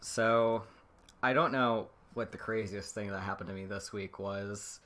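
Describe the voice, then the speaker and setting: A young woman with an unusually deep, low-pitched voice co-hosts a podcast in casual conversation. She comes from rural Pennsylvania and tells her stories in a loose, rambling manner. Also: fairly even intonation, measured pace, a bit bright. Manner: chatty, rambling storytelling. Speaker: podcast co-host. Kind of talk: casual chat.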